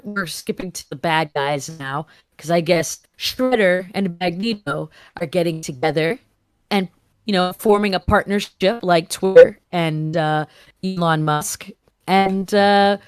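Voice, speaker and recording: A woman's voice: lowish voice, clean tone, no echo. A woman hosting a comedy podcast, reading fan fiction aloud with playful asides. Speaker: podcast host.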